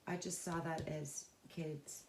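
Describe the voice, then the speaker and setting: A woman giving an unscripted, intuitive tarot reading, earnest and emotionally involved, talking in a halting, searching way with pauses and restarts. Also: sits low, fairly even intonation, darkish tone, roomy sound, slight background noise. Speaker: tarot reader.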